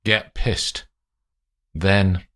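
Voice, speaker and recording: A man's voice: steady tone, very slow, a bit bright, heavily acted. A man reading a story aloud, voicing a bitter, weary male spy who mumbles his lines. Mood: sullen. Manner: low, mumbling, sullen.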